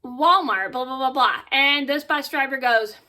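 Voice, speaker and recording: Bright-voiced chatty woman vlogger. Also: high-pitched, normal speed. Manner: chatty and animated, with fillers and "blah blah". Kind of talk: casual storytelling to camera.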